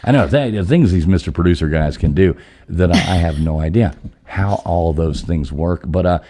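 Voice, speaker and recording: Easygoing male livestream host, deep and mellow, rambling and friendly. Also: moderate pace. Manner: easygoing, rambling, greets viewers by name. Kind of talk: casual live show chat.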